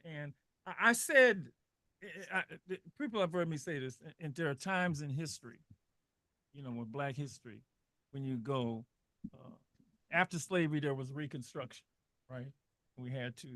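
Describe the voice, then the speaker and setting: A middle-aged male guest on a radio show speaks with passion, his voice fairly high and sharp. He often repeats himself and restarts his words, and the recording is clean studio quality with no echo.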